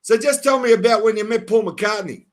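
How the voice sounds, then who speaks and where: A man's voice: high-pitched, fairly quick. A man from Melbourne, hosting a casual podcast interview in a jokey, eager way. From Melbourne, Australia. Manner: jokey, eager, laughs along. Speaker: podcast host.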